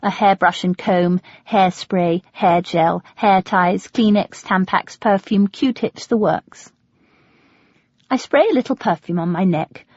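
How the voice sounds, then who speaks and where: A woman with an English accent reading a first-person audiobook in a wry, expressive way. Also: mid-range voice, slow pace, dry recording. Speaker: audiobook narrator. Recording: dull lo-fi audio.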